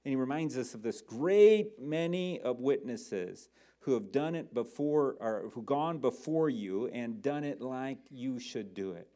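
A man's voice: medium pitch, expressive, measured pace, warm tone. A male pastor preaching a sermon, emphatic and addressing the congregation with rhetorical questions.

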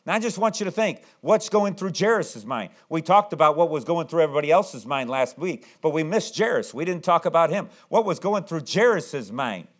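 A man's voice: fairly high pitch, animated, brisk, few pauses. A man preaching a sermon who often acts out the pleading voices of the people in his story. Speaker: pastor.

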